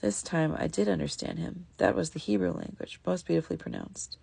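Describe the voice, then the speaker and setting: A woman's voice: fairly low pitch, a little fast, creaky, mellow, breathy edge, dry recording, full character voice. A woman voicing a learned admiring man. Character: learned male companion, admiring and scholarly.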